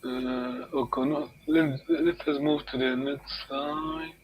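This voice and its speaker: A man's voice: medium pitch, level tone, slow, a little hiss or hum, rough recording. A male language teacher giving an online lesson over a video call, patient and encouraging, often repeating words.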